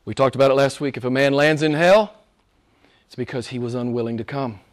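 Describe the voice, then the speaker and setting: A man preaching a sermon as pastor, moving between hushed, almost whispered lines and loud, emphatic passages. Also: mid-range voice, brisk.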